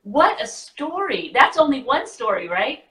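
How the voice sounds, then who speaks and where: A woman interviewer gushes effusively and sounds teary. Her voice is high and swings up and down. She sounds far from the mic in a roomy space. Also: sing-song, a little slow, fairly bright tone. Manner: gushing, effusive. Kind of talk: casual interview.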